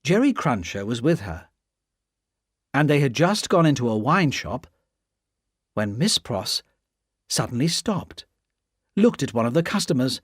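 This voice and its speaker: A male audiobook narrator reads a classic novel slowly and expressively. His pitch rises and falls a lot, and the sound is close and dry with no room echo. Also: big pitch swings, slightly rough. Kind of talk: scripted narration.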